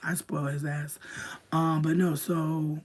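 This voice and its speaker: A young adult woman spinning a rambling personal story for her livestream viewers. Her talk is loose, profane and full of slang, with "like" in nearly every line. She drops into hushed asides, then flares up loud. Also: low-pitched, little pitch movement, slow pace, a little hiss or hum. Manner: swings between hushed asides and loud outbursts. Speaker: streamer.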